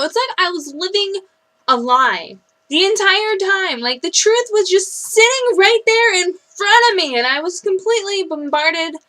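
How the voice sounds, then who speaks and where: A woman in her twenties vlogging casually to camera, telling stories with animated, mock-outraged energy. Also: high-pitched, poor audio. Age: 20s.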